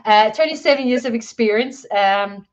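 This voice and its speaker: A woman's voice: on the high side, moderate pace. A woman hosting a livestream interview, enthusiastic and greeting her viewers. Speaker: host.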